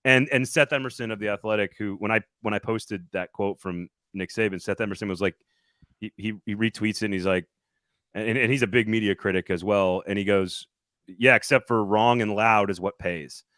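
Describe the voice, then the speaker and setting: Casting: deep-toned guy, dry close mic, chatty sports host who rambles and laughs often. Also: fairly even intonation, a little fast, fairly bright tone, no echo. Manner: rambling, restarts a lot, laughs easily. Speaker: podcast co-host reporting from media days. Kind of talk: casual sports chat.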